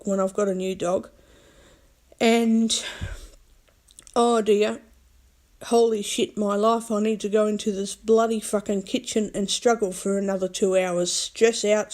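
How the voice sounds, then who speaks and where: A woman's voice: medium pitch, darkish tone. A woman vlogger in a casual, rambling monologue, talking bluntly with a lot of swearing and repeating herself.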